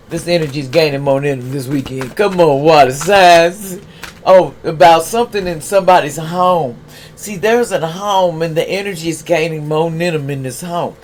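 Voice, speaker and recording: A man's voice: a little high, background noise. A man giving a casual tarot reading for viewers, talking in a streetwise way and firing off rhetorical questions. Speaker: tarot reader.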